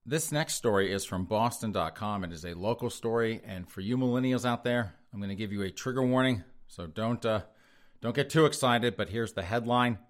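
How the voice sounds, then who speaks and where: A man in a podcast rant, reading out headlines and tearing into them with sneering sarcasm. He chuckles at his own lines as he goes, and his voice sits on the low side. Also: a little fast. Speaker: podcast host. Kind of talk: sarcastic news commentary.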